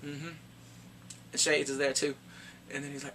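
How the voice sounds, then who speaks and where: A man casually reviewing a TV series in slangy, animated chat, laughing often. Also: on the high side, normal speed, noisy background. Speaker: show reviewer.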